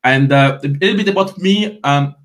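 A man's voice: a little high, moderate pace, fairly bright tone. A man in his thirties from Ivory Coast with a French accent, a fitness coach answering interview questions in a friendly way with frequent restarts. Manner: friendly, repeats words while starting sentences.

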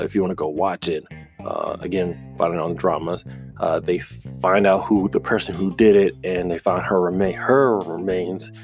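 A young adult man with a very low, deep voice casually walks through the plot of a drama series. He rambles, doubles back and fills pauses with "uh" and "like," while faint guitar music plays underneath. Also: creaky, a little mellow. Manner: rambling, full of fillers and restarts. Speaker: show recapper.

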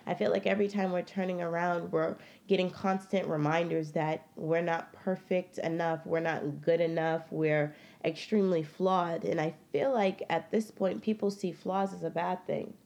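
A woman's voice: fairly low pitch, normal speed, gravelly, hardly any pauses. A woman in casual conversation, telling a story with lots of energy, acting out what she said and laughing often. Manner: animated storyteller, laughs often, acts out her own quotes. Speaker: guest. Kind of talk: casual chat.

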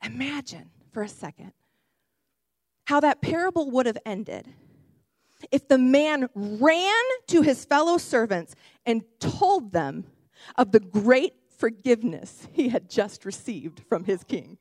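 A young woman who works in kids ministry, preaching a sermon in an animated, chatty way, correcting herself and breaking into excited shouts. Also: fairly high pitch, slow, dry recording, studio quality. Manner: self-correcting, chatty asides.

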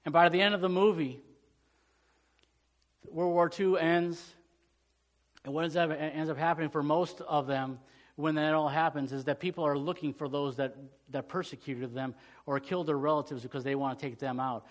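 A middle-aged male pastor preaching a sermon, swinging from loud, urgent peaks to hushed storytelling. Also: a little high, fairly even intonation, normal speed.

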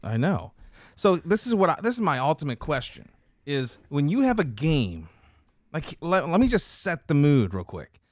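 A man's voice: fairly high pitch, wildly swooping pitch, normal speed, no echo, clean studio sound. A man chatting casually on a podcast, retelling a commercial in a rambling way. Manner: rambling storyteller, acts out quotes. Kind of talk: casual chat about commercials and football.

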